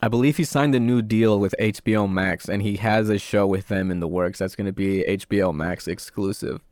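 A young man chatting casually on a podcast, retelling stories in an animated way with lots of fillers. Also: on the low side, brisk, dry recording, clean studio sound. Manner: animated retelling with quoted voices, many fillers. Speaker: podcast co-host. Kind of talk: casual chat.

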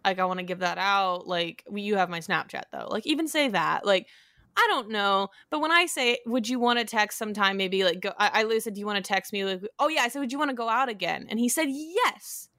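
A woman's voice: medium pitch, expressive, fast talker, bright, forceful tone, no room sound. A young woman co-hosting a podcast, telling a dating story in a casual, chatty way full of fillers. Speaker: podcast co-host. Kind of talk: casual chat.

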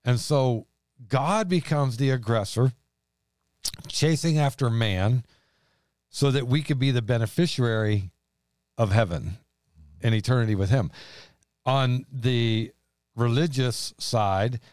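A man's voice: medium pitch, slow, pauses often, a little mellow, no room sound, studio quality. A man, a pastor co-hosting a podcast, talking earnestly and quoting scripture at length. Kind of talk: casual religious podcast chat.

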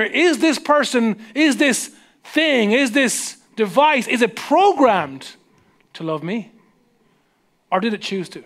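A man with an Irish accent preaching a sermon, chatty, asking the congregation questions and sinking to a hush on key points. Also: extremely high pitch. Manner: conversational, asks the audience questions; slows down and drops to a hush for emphasis. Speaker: pastor.

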